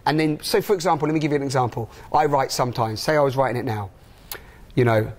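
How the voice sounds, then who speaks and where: A man's voice: medium pitch, fast. A man chatting enthusiastically in an interview, rambling with many restarts. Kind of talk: casual chat.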